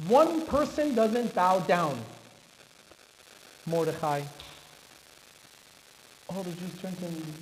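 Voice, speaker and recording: A man's voice: sits high, sing-song, slow pace, long pauses. A man, a rabbi, telling a dramatic story in a sermon at a synagogue. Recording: reverberant hall, faint background noise.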